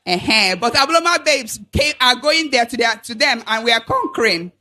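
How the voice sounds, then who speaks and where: A Nigerian woman hosting an alumni event on a handheld mic, playful and teasing as she calls for shouts from the crowd. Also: fairly high pitch, animated, normal speed, few pauses.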